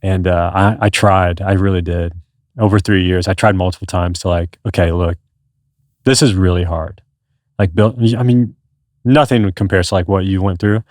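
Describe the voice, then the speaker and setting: A man's voice: sits low, fairly even intonation, moderate pace, darkish tone, no echo, clean studio sound. A man in his thirties, a podcast guest, telling his story in an earnest, rambling conversational way. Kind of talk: casual conversation.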